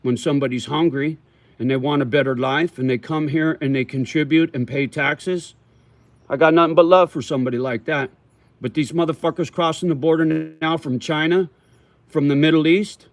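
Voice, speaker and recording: A man hosts a casual livestream and answers viewer comments as they come in. He talks in a loose, slangy way, swears freely and calls people homie and brother, all at an ordinary middle pitch. He chews tobacco as he talks, and the mic is close and dry with no room sound. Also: dry recording. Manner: chews tobacco while talking. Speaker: livestream host.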